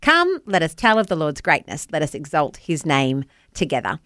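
A woman from New Zealand with a New Zealand accent, co-hosting a breakfast radio show, bubbly and quick to laugh as she chats and reads scripture. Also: deep voice, big pitch swings, dry recording, clean studio sound. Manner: bubbly, laughs often, warm devotional reading. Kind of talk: casual radio banter. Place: radio studio.

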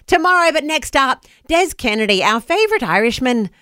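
A woman's voice: sits high, very animated, brisk, pushed and bright, dry recording. A woman co-hosting a breakfast radio show, bubbly and enthusiastic. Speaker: radio co-host.

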